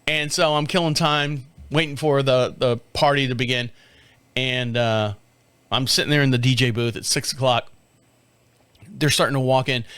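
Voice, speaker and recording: This podcast host, a man in his fifties, has a voice on the high side, recorded with no room sound. Chatting casually, he delivers a long, profane story with plenty of energy, acting out the dialogue of the people in it.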